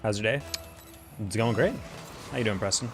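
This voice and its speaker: A man's voice: fairly low pitch, normal speed, soft background music. A man streaming a game, chatting casually and venting in a rambling, conversational way. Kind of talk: casual chat while gaming.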